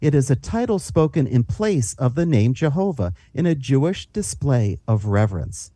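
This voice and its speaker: A man's voice: medium pitch, moderate pace, no room sound. A man reading Bible passages aloud and explaining them in a teaching podcast. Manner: reads scripture aloud with lively rises and falls.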